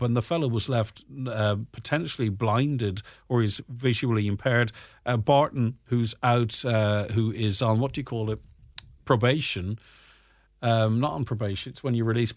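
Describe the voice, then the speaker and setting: A man's voice: medium pitch, no room sound, clean studio sound. An Irish man with a slight English twang, reading news stories and adding his own remarks in a casual, conversational way with frequent fillers. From Ireland. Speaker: radio host reading the papers. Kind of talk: casual news chat with commentary.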